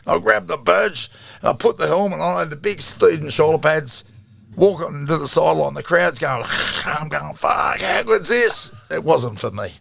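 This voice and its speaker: A middle-aged Australian man with a heavily gravelly, fry-laden voice spins a casual yarn, swearing freely and chuckling between stories. The sound is dry and close, with no room around it. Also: fairly high pitch, normal speed, fairly bright tone, no echo. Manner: swears freely, laughs through his stories. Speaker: guest, former rugby league player. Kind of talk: casual storytelling interview.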